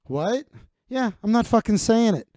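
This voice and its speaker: A man voicing a defiant man who refuses to chant and gives a halting lecture instead. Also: extremely high pitch, animated, mellow, no room sound, studio quality, pitched above the performer's own voice.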